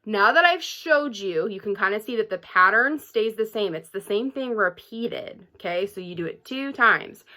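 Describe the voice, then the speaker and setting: A woman's voice: medium pitch, lively intonation, normal speed, hardly any pauses, pushed and bright. A young woman teaching a music lesson to children at home, patient and encouraging, often checking in with "okay?". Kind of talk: remote classroom lesson for children.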